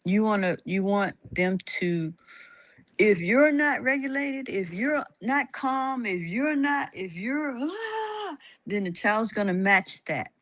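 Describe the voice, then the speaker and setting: A woman hosting a casual talk, speaking calmly with many fillers and restarts and frequent laughs. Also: a little high, slow pace, no room sound. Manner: laughs often. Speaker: host. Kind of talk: casual chat about teaching.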